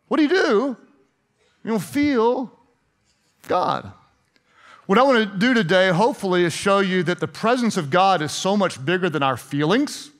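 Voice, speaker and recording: A male pastor with a high voice for a man, preaching in a loose, conversational way. He turns sarcastic to make his points and stumbles over repeated words as he talks. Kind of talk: sermon.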